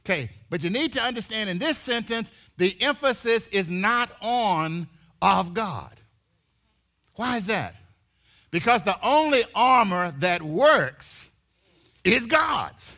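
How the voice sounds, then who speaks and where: A man preaching in a church with a bright, gravelly voice. He speaks slowly and deliberately, swells into shouts and repeats his words. His pitch sits high and moves a great deal. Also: lively intonation. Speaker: pastor. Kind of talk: sermon.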